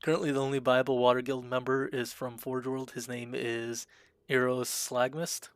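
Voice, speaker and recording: A man chats through a live game stream in a flat, dry delivery, reading menu choices aloud as he goes. His voice sits in a middle pitch, and the recording is close and dry with no room sound. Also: normal speed, clean tone, dry recording. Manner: self-described monotone, dry delivery; chatty, reads game options aloud.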